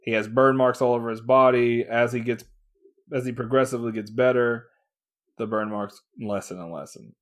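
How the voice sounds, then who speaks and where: This podcast co-host speaks at a moderate pace in a steady, medium-pitched voice. Chatting loosely about a comic book, he curses, laughs often, and voices the characters' lines.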